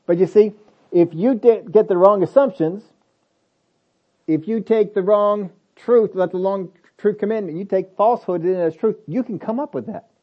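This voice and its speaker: A man preaching a sermon, stressing points hard, then dropping to low asides, with many rhetorical questions. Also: moderate pace, lo-fi sound. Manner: emphatic, swings between loud stresses and low asides. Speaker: pastor.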